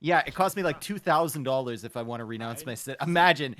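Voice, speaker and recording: A man's voice: medium pitch, fast, hardly any pauses, a bit bright. A man in his twenties from Canada, co-casting a game with dry, teasing humor. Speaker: co-caster. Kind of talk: casual game commentary with banter.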